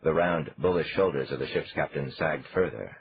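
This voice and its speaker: Very deep-voiced male audiobook narrator. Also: normal speed, gravelly, noisy background. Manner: steady, lively storytelling. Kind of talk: scripted narration. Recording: dull lo-fi audio.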